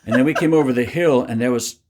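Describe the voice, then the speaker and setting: A man's voice: medium pitch, fast, a little mellow, slight background noise. An older man hosting a music program, telling folksy, joking stories between songs. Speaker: radio-style music show host. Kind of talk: casual music show chat.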